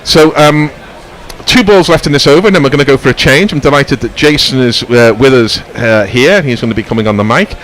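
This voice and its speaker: A man's voice: medium pitch, a little fast, fairly bright tone. A man giving ball-by-ball cricket commentary with rambling, whimsical asides.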